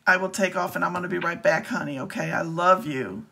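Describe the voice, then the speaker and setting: A woman's voice: fairly low pitch, fairly quick, vocal fry, pushed and bright. A woman live-streaming while baiting a scammer, talking in a teasing, theatrical and playful way. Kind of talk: casual live-stream talk.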